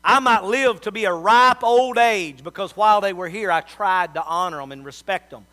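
Man, pastor, sermon, folksy storyteller, bright tone. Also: high voice, moderate pace.

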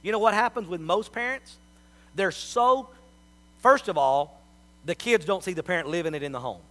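A middle-aged man delivers a sermon in a high, bright voice. He talks in a folksy, storytelling way, dropping to soft asides and rising to loud appeals to the congregation. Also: normal speed. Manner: folksy storytelling with big swings in loudness. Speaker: preacher.

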